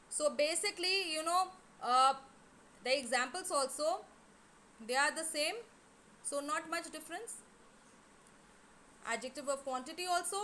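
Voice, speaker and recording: Woman, teacher, high voice, bright tone, patient explaining, faint noise behind. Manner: patient explaining, many fillers like "you know". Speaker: English teacher. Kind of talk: online class lesson.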